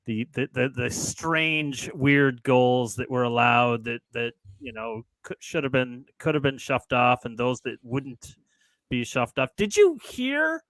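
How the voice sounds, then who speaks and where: A man co-hosting a casual chat, playful and halting, with many restarts. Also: mid-range voice, lively intonation, fairly bright tone, dry recording. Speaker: co-host.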